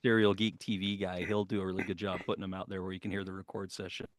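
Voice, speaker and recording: An older man with a low voice chats casually on a podcast and rambles through long anecdotes. The sound is dry and close to the mic, with no room around it. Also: flat delivery, fast, no echo. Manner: rambling storyteller, does voices when quoting. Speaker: podcast co-host. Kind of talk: casual chat.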